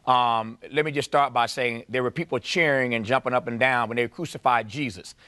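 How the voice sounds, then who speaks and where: A man's voice: mid-range voice, steady tone, fairly quick, pushed and bright, dry recording. A man interviewing a congresswoman on TV, impassioned and building his point through repeated rhetorical questions. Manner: impassioned, preacher-like rhetorical repetition.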